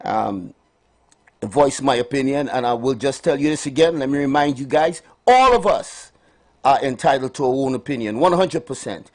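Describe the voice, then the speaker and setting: A man's voice: mid-range voice, normal speed, darkish tone. A man hosting a live morning radio health show, calling out cheerful greetings and giving preachy asides. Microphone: studio microphone.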